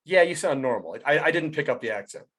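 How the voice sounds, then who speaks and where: A man hosting a podcast, welcoming a guest in a relaxed, rambling way full of ums and uhs. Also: fairly high pitch, fast talker. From United States. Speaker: podcast host. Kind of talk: casual interview hosting.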